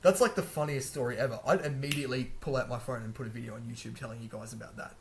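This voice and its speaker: A man's voice: mid-range voice, fairly even intonation, rapid-fire, vocal fry, slight background noise. A young man hosting a language-learning video, talking casually to camera, chatty, laughing often and correcting himself as he goes.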